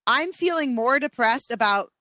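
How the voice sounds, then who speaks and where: A woman co-hosting a podcast in casual chat, self-deprecating and quick to laugh. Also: high-pitched, lively intonation, sharp tone, no room sound. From from an Irish Catholic family. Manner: self-deprecating, laughs often, chatty with fillers.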